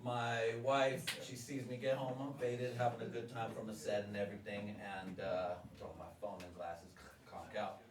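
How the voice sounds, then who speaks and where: A man's voice: fairly low pitch, level tone, normal speed, few pauses. A man doing a stand-up set at an open mic. He is crude and profane and keeps laughing at his own jokes. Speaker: stand-up comedian. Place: live comedy venue with an audience. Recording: roomy live venue, distant, crowd noise.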